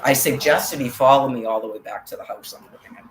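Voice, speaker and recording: A woman's voice: a bass voice, fast talker. A woman, delivering an agitated, profane monologue to camera. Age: 50s. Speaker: vlogger. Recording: echoey, with faint background noise.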